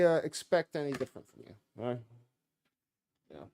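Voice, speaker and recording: A man's voice: mid-range voice, very animated, normal speed, dark tone, no room sound. A man in his thirties hosting a live stream, talking casually in loose, profane rambles with many fillers and restarts.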